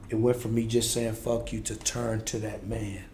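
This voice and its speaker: A man's voice: on the low side, level tone, normal speed, mellow, slight background noise. A man in his forties, a podcast guest, telling a raw, intense personal story in blunt street-inflected speech. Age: 40s. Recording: echoey room.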